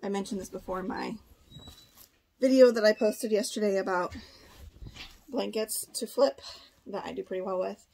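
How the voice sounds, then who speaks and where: A woman's voice: medium pitch, normal speed, creaky, pauses often, dark tone. A young pregnant woman, chatting casually while she shows her thrift finds. She thinks aloud with frequent fillers and is a little short of breath, seated in a room at home before a camera. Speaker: part-time online reseller. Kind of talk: casual thrift haul vlog.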